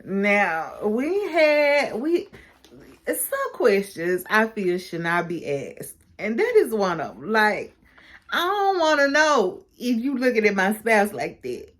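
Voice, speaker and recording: Animated, gossipy woman recapping TV. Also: mid-range voice, slow. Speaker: recap vlogger. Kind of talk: casual TV recap.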